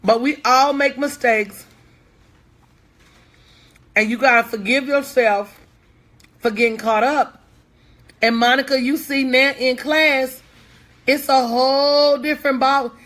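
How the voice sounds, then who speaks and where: A woman's voice: high voice, measured pace, pauses often, a bit bright. A woman business coach talking casually to her online audience, folksy and candid, calling out viewers by name.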